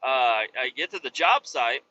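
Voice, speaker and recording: Brash, cursing storyteller man, very bright. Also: mid-range voice, measured pace, lo-fi sound, a little hiss or hum. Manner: profane, animated retelling with quoted dialogue. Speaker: podcast host. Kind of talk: casual storytelling.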